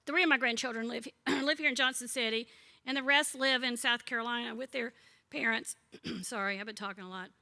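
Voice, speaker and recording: Bright-voiced woman in her sixties teaching. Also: high voice. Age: 60s. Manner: chatty, warm-humored storyteller who asks the group questions. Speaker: Bible study teacher. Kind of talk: conversational teaching with humorous stories.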